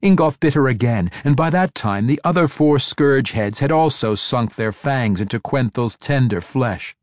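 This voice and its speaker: A man narrating a fantasy audiobook with a dramatic, expressive reading. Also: mid-range voice, moderate pace, dry recording, studio quality.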